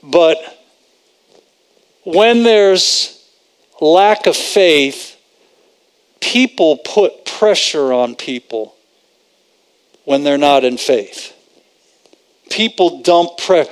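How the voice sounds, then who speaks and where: A man's voice: fairly high pitch, drawn-out words, pauses often, clear, resonant tone. A man preaching a conversational sermon, repeating phrases for emphasis and quoting scripture.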